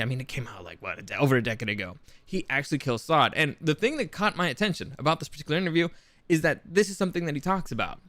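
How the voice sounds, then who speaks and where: A man hosting a podcast talks in a loose, rambling monologue, tripping over restarts and dropping the occasional curse. His voice sits at an ordinary middle pitch. The sound is dry and close, with no room echo. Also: a bit bright. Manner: rambling with frequent restarts and profanity. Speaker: podcast host. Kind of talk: casual commentary monologue.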